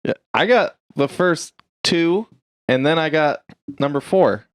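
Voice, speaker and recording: Slow, wisecracking male co-host, dry sound. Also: fairly high pitch, clear, resonant tone, no echo. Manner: wisecracking, deadpan jokes. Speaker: podcast co-host. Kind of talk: casual podcast banter.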